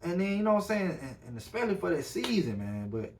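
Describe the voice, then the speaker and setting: A man's voice: high voice, sing-song, fast, darkish tone, slight background noise. A man hosting a casual podcast, talking loosely with lots of slang and fillers. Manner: laid-back, loose slang, filler-heavy. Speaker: podcast host. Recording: voice a bit far from the mic.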